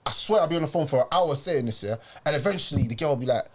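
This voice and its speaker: Young man, podcast co-host, lively slangy storyteller with a slightly high voice. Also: very fast. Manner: animated storytelling, heavy street slang and swearing. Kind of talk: casual chat.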